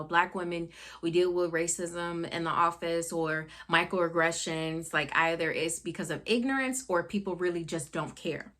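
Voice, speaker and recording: A woman's voice: medium pitch, a bit bright. A young woman talking through a book review in a candid, chatty way, full of fillers and asides. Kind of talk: casual book review talk.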